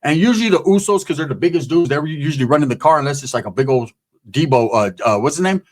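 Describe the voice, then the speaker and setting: Slightly high-voiced man telling street stories. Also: lively intonation, quick pace. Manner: rambling, streetwise and profane, acting out the people in the story. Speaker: storyteller. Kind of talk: casual profane storytelling.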